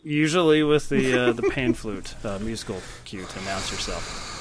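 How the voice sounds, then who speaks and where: A man's voice: mid-range voice, lively intonation, normal speed, very noisy. A man hosting a casual movie podcast, rambling and joking at his own expense. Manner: joking, rambling, self-deprecating. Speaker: podcast host.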